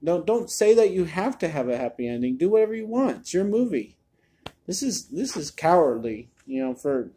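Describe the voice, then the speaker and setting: A man's voice: a little high, warm tone. A man giving a casual spoken movie review, chatty and exasperated, often repeating words as he restarts a thought.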